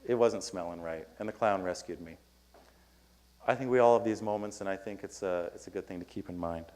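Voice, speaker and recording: A man's voice: sits low, brisk, a little mellow. A man giving a keynote talk at a conference, telling a story and acting out his own lines in a raised voice. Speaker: keynote speaker. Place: conference hall before an audience.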